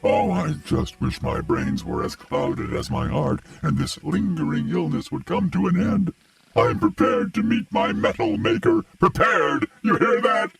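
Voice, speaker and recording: An actor voicing a gloomy, proud old male warrior robot in a video game, melodramatic and self-pitying, with a gravelly, filtered robotic voice. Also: sits high, wildly swooping pitch, measured pace, recorded from a distance, heavily acted. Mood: weary.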